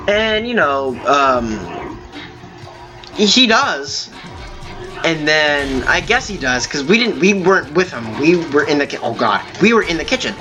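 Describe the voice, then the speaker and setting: A man hosting a gaming video, telling a long story in a halting, rambling way with many fillers while he plays. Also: a little high, very animated, over music. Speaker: gaming channel host. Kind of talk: telling a story over gameplay.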